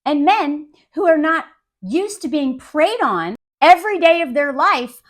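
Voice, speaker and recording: Animated, sarcastic woman commentator. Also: high-pitched, a little slow. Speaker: film commentator. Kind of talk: casual film commentary.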